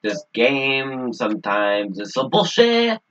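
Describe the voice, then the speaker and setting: A man's voice: mid-range voice, big pitch swings, slow pace, fairly bright tone. A man doing hyper gameplay commentary, singing nonsense and swearing at the game. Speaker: gaming video creator. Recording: dull lo-fi mic with faint hiss.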